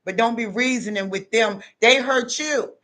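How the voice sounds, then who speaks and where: A woman's voice: fairly high pitch, moderate pace, bright, forceful tone. Emphatic middle-aged woman giving advice. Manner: emphatic, repetitive, preachy. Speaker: advice vlogger. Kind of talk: casual advice monologue.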